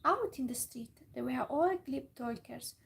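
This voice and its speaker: A woman reading a fairytale aloud in a whispered role-play, soft and slow with small slips. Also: high-pitched, animated, creaky, low-quality recording. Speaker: storyteller.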